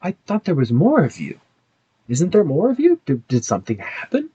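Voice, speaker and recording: A man's voice: a little high, huge pitch swings, moderate pace, warm tone, slightly rough, muffled recording, voice pushed up, full character voice. A man voicing a friendly, generous woman who owns a farm, in a tabletop game. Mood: puzzled.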